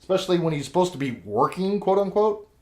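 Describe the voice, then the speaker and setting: A man's voice: high-pitched, fast talker. Profane man telling a rambling story. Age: adult with kids. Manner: profane, animated storyteller, acts out quotes. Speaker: podcast co-host. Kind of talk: casual storytelling chat.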